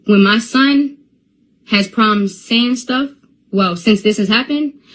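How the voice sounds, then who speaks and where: A woman's voice: a little high, takes it slowly, a bit bright, poor audio. A young woman on a phone live stream, talking in an agitated rant that stammers and repeats itself.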